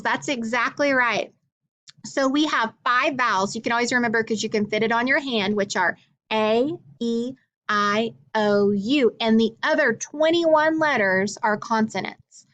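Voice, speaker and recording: A woman teaches young children a phonics lesson, speaking slowly and clearly and offering frequent encouraging praise. Her voice is on the high side and a bit bright, though the audio is dull.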